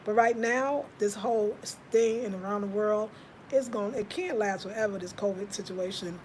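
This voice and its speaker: Animated woman chatting to viewers. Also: medium pitch, moderate pace, slight background noise, low-quality recording. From United States. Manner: animated, laughs at herself, talks to viewers directly. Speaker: vlogger. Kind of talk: casual live-stream chat.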